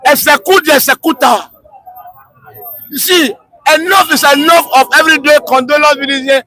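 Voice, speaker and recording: A man with a Nigerian accent, speaking in a street interview, fiery and often shouting, repeating himself and mixing in pidgin. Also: very high-pitched, normal speed, poor audio.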